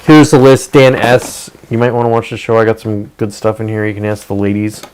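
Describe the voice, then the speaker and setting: A man's voice: fairly low pitch, level tone, a little fast, a little mellow, slight background noise, low-quality recording. A man hosting a livestream, ranting casually with profanity, rambling asides and sarcastic mock quotes. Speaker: streamer host.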